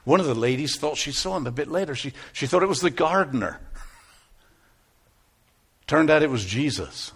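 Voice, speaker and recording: An actor playing an aging biblical shepherd, telling his story earnestly, moving between hushed tones and exclamations. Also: a little high, lively intonation, normal speed, long pauses, husky, full character voice. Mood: awed. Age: older. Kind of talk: first-person dramatic monologue.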